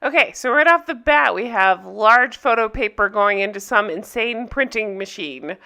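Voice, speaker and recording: A woman's voice: fairly high pitch, lively intonation, normal speed, pushed and bright, smooth. A woman hosting a casual TV recap vlog, chatty and giggly. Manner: chatty, giggly, keeps slipping into joke voices. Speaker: TV recap vlogger.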